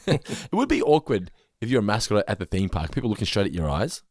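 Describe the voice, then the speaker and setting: A man's voice: lowish voice, very animated, a little fast, a little mellow, no room sound, clean studio sound. A man co-hosting a podcast in casual chat, talkative and laughing often. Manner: chatty, laughs often, puts on silly voices. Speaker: podcast co-host.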